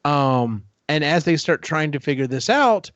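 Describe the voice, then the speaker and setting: This podcast host's voice sits fairly high, with lively intonation and a slightly bright quality, captured in dry, dull lo-fi audio. He meanders through a casual book recap, briefly voicing characters' quotes along the way.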